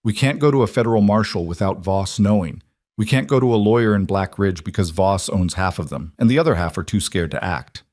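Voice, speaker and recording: A man voicing a determined young frontier woman who speaks flat and measured in a storybook reading. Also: low voice, no echo, studio quality, close to an everyday voice. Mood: steady, urgent.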